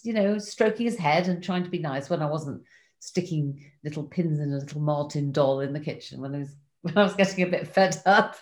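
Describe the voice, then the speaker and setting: Older woman, low voice, wry and candid diary reader. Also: a little fast, darkish tone. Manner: wry, self-mocking and candid. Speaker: guest recounting a diary. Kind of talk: reading diary entries and casual chat.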